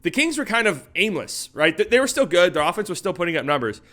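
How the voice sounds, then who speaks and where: A young man hosting a casual basketball breakdown, animated and joking, cursing casually. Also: sits high, quick pace. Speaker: basketball analysis host. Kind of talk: casual sports breakdown commentary.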